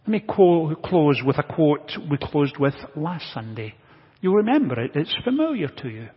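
High-voiced pastor in an echoing sanctuary. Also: male voice, sing-song, normal speed, husky. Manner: earnest, builds to emphatic repetition. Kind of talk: sermon. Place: church sanctuary. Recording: dull lo-fi audio with long church reverb.

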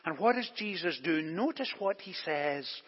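A husky, high-voiced man delivers a deliberate, emphatic sermon from a church, pressing his points with rhetorical questions. His voice carries a long reverb off the church walls. The recording is dull and lo-fi. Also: expressive. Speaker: pastor. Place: church during service.

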